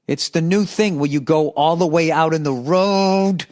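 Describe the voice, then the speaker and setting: A man's voice: on the high side, measured pace, a little mellow. A middle-aged man hosting a podcast, ranting sarcastically and profanely about cyclists while reading listener letters. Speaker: podcast host.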